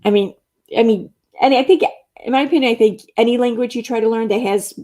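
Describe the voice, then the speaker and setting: A woman's voice: fairly high pitch, quick pace, dark tone. A woman hosting a casual livestream, rambling and reading chat comments aloud, with the odd curse word. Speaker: livestream host.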